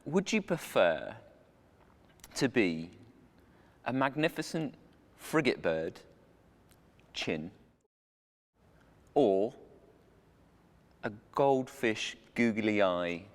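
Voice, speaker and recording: A man's voice: fairly low pitch, very animated, extremely slow, long pauses. A man hosting a comic chat segment on a church children's show with jokey, showman-like banter. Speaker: host. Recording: reverberant church hall.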